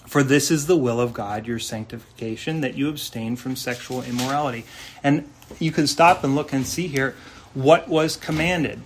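A man preaching a sermon in an earnest, conversational way, asking rhetorical questions and reading scripture slowly. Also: medium pitch, a little hiss or hum. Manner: reads scripture slowly and deliberately. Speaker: pastor. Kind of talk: expository sermon.

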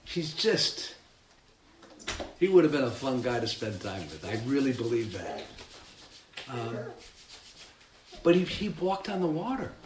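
A man preaching a sermon, animated and emphatic, acting out the story as he tells it. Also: mid-range voice, unhurried, long pauses, echoey room, slight background noise. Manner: animated, acts out the scene with rising emphasis.

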